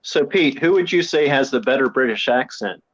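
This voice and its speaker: A man co-hosts a relaxed movie watch-along and puts dry, questioning remarks to the others. His audio sounds dull and lo-fi, with the high end missing. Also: moderate pace. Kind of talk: casual banter.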